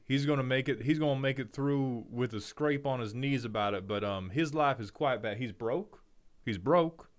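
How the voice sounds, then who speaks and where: A man streaming, chatting casually with viewers in a rambling, jokey way with frequent restarts. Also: mid-range voice. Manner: rambling, jokey, self-interrupting.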